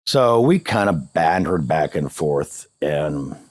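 A man with a very low, husky voice tells a personal story to an interviewer, his pitch rising and falling a lot. He talks casually and acts out the remembered back-and-forth, giving both himself and the other person a voice. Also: slow, no echo. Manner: animated retelling, voicing both sides of remembered dialogue. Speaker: interview guest.

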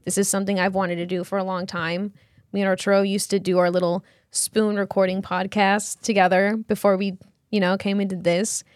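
A woman in her twenties co-hosting a podcast, telling stories in lively casual chat and laughing often. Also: mid-range voice, a little fast, no echo, clean studio sound. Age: 20s. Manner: animated storytelling, laughs often. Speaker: podcast co-host.

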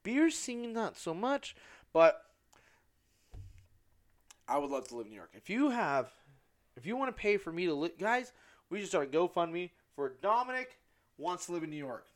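A man's voice: high voice, sing-song, moderate pace, pauses often. A young man from Southern California hosting a casual solo podcast, rambling, joking at his own expense and swearing freely. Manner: loses track and corrects himself mid-sentence. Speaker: podcast host.

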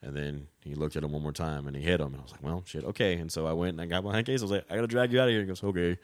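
A man's voice: extremely low pitch, fairly even intonation, racing, no room sound. A man, a bartender telling laid-back stories in casual chat and laughing through them. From Texas. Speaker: bartender, podcast guest.

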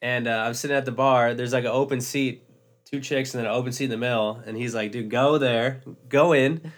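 A man's voice: medium pitch, steady tone, fairly quick. A man in his twenties co-hosting a podcast, chatting casually, laid-back and swearing as he tells a story. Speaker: podcast co-host.

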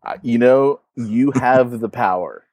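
Male co-host, mid-range voice, dry close mic, relaxed storyteller outdoors. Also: medium pitch, takes it slowly, dry recording. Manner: laid-back, playful storytelling. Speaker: podcast co-host. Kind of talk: casual podcast banter. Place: outdoors in his backyard.

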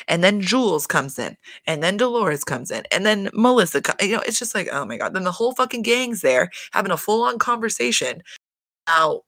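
A woman's voice: medium pitch, lively intonation, fairly quick, fairly bright tone, dry recording. A woman hosting a casual reality TV recap, chatty and profane, full of fillers and exasperation.

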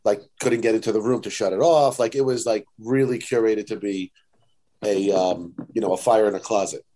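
A man telling a story in a casual chat, animated and laughing often, quoting people. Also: on the low side, normal speed. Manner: animated, laughing, quotes people in put-on voices. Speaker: podcast guest.

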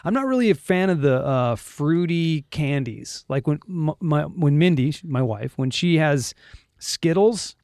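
Podcast host, man, slightly high voice, chatty and laughing, dry close recording. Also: expressive, a little slow, darkish tone, dry recording. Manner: laughs often, repeats words. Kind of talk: casual podcast chat.

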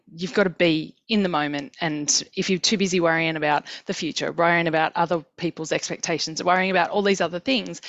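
A woman, a guest in a casual chat, talking earnestly on a headset in rambling, quick bursts. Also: on the low side, a bit bright, no room sound, dull audio.

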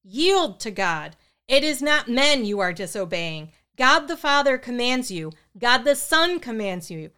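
Stern male priest exorcist booming out commands, done by a woman, smooth voice, storytelling. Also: moderate pace, pushed and bright.

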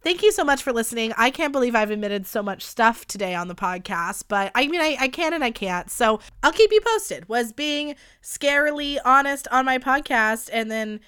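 A woman's voice: fairly high pitch, animated, moderate pace, few pauses, fairly bright tone, clear, resonant tone. A woman in her twenties hosting a solo podcast in casual chat, candid and chatty, swearing freely and dropping lots of likes. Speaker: podcast host.

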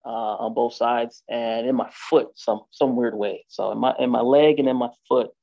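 Gravelly man telling his story casually. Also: medium pitch, fairly even intonation, moderate pace, dark tone. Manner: loose and conversational, with frequent fillers and "right?" checks. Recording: dull lo-fi recording.

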